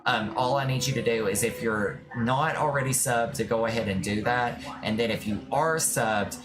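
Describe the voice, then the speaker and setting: A streamer in casual live-stream chat, giving tarot readings and talking to viewers in a warm, reassuring way. The voice sits at a middle pitch, and clear music plays underneath the whole time. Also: moderate pace. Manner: affectionate, reassuring, calls viewers "my love".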